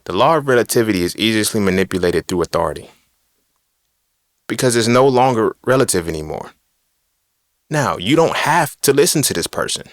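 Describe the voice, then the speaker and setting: Low-voiced blunt preachy man. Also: animated, brisk, long pauses, no room sound, clean studio sound. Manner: blunt, profane, preachy and rhetorical. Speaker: podcast host. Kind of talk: casual monologue on philosophy and religion.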